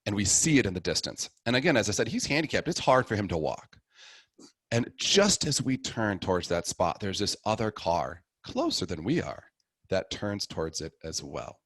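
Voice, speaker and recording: A middle-aged man, a guest on the show, casually telling the story of his conversion with animated delivery, acting out each person in it. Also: lowish voice, normal speed, slightly rough, no echo.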